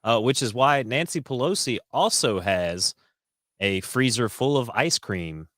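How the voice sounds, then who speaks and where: A man's voice: mid-range voice, expressive, a little slow, fairly bright tone, no room sound. A man co-hosting a podcast in casual chat, with dry and sarcastic jokes. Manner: sarcastic joking. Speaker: podcast co-host.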